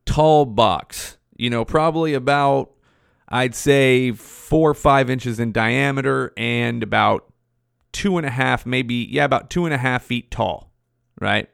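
A man's voice: medium pitch, a little slow, creaky, fairly bright tone, smooth, no echo, studio quality. Profane rambling man telling stories. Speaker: podcast host. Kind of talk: casual storytelling.

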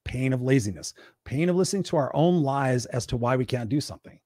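A tired, burned-out man hosts his weekly live stream, delivering a preachy motivational talk and answering his own questions; he's a parent. His voice is lively, a little fast and darkish, and he acts out whiny quoted complaints in a high voice. The recording is dry, with clean studio sound.

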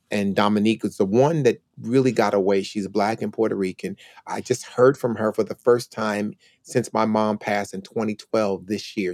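A reflective man in his sixties tells stories of his family as a podcast guest, now and then taking on the voices of the people he quotes. His voice sits low. The sound is close and dry, with no room around it. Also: darkish tone, dry recording. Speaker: podcast guest, retired police officer. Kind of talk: storytelling interview talk.

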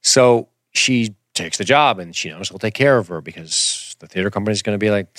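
A man hosting a podcast, reviewing a film in an animated, rambling, jokey casual chat. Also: lowish voice, moderate pace, few pauses, no room sound, clean studio sound. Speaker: podcast host.

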